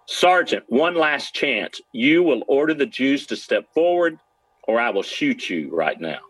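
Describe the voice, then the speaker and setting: A man's voice: low-pitched, wildly swooping pitch, a little fast, slightly rough, no room sound, exaggerated voice, poor audio. A man voicing an enraged male Nazi major who screams threats and demands while retelling a story. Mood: furious.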